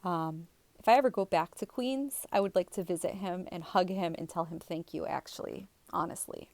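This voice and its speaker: A woman with a somewhat low voice tells a personal story straight to her viewers. She talks in a loose, rambling way, full of fillers and restarts. The sound is dry and close, with no room echo. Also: normal speed, darkish tone. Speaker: spiritual vlogger.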